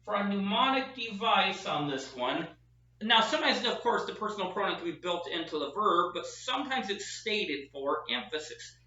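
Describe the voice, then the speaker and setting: A man's voice: high-pitched, animated, normal speed, sharp tone. A man, a professor, giving a chatty classroom lecture at a whiteboard, with a self-deprecating teaching manner. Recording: echoey, distant, dull room sound.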